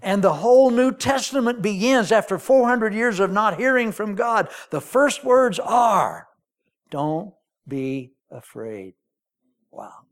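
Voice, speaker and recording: Folksy, joking male preacher; unhurried, slightly high voice. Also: animated. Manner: storytelling, folksy, jokey. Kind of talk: sermon.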